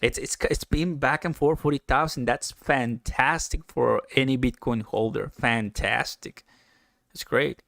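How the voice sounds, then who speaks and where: A man hosting a casual live stream, chatting excitedly, laughing often and answering viewer comments. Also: medium pitch, unhurried, vocal fry, no echo, clean studio sound.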